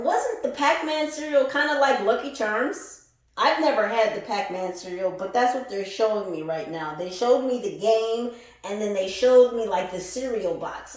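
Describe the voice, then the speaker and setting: A woman's voice: mid-range voice, expressive, moderate pace, very echoey, low-quality recording. A woman giving a casual spiritual reading, exuberant and profane, laughing often as she talks. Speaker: spiritual reader.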